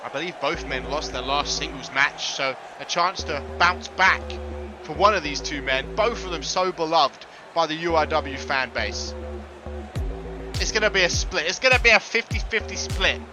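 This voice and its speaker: Excitable, high-voiced male wrestling commentator. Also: moderate pace, music in the background, low-quality recording. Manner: excitable, jokey, bursts into shouted ring introductions. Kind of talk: live play-by-play commentary.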